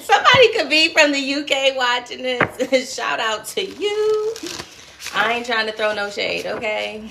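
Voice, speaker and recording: Woman, tarot reader, live stream, slightly high pitch, slow chatty delivery, affectionate and slangy, background hiss. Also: sing-song, creaky. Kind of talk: live-streamed card reading.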